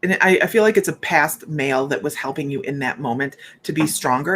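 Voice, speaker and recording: A woman's voice: low-pitched, a little hiss or hum. A woman working as a psychic medium, giving a rambling, chatty live reading and talking straight to her viewers.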